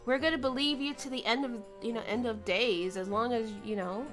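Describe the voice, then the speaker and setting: Tired young woman streamer, high voice. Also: steady tone, fairly quick. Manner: tired, rambling, joking, swears. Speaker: streamer playing and voicing a game. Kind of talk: casual game commentary with voiced dialogue. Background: soft lofi music.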